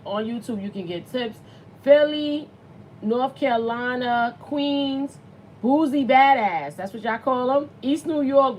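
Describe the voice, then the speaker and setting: A slightly high-voiced woman in her late thirties hosts a casual livestream. She talks bluntly and chattily as she reads viewers' comments aloud. A faint hum of noise sits behind her voice. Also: rough recording. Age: late 30s. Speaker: show host.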